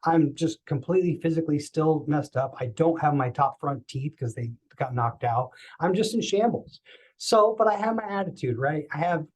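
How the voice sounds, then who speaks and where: Man, podcast guest, storytelling, animated, slightly high voice. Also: normal speed, low-quality recording. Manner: animated, acting out quoted voices.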